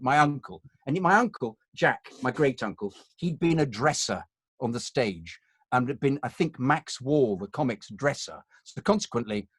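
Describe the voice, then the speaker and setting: A man's voice: medium pitch, breathy edge, no room sound. Posh-spoken English man, dry close sound. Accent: upper-class English. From England. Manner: anecdotal, digressive. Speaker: actor, guest. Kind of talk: conversational reminiscing.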